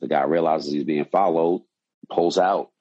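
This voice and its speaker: A man's voice: rumbling low, a little slow, dull audio. A man, a bartender, telling a wild story from his shift in a casual, profane way, acting out quotes. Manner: animated, profane, acts out quotes.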